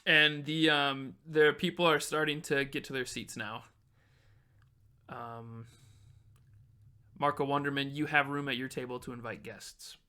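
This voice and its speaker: A man's voice: mid-range voice, steady tone, measured pace, long pauses, sharp tone, clean tone. A man running a tabletop game as game master, talking casually with frequent laughs and swearing.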